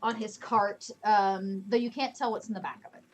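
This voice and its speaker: A woman's voice: mid-range voice, steady tone, normal speed, slight background noise. A woman narrating a tabletop game as game master, chatty and laughing often, with lots of fillers.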